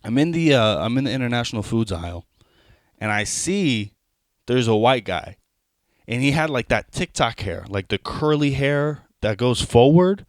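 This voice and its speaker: A man's voice: mid-range voice, lively intonation, normal speed, dry recording, studio quality. A young adult man doing a stand-up comedy set, talking conversationally with rambling asides and frequent restarts.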